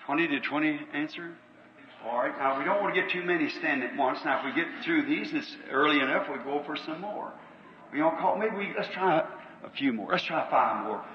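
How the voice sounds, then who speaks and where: A man's voice: fairly high pitch, a little fast, highs cut off, a little hiss or hum. A man preaching a revival sermon with a Southern American accent, folksy and earnest, calling numbers out to a crowd. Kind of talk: revival sermon and healing line. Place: large auditorium. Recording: old echoey hall tape from far off.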